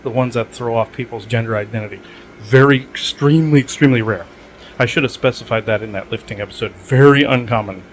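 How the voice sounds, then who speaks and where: Rambling man, mid-pitched, full of fillers. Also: quick pace, a little hiss or hum, low-quality recording. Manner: digressive, many filler words and restarts. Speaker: podcast host. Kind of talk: rambling casual monologue.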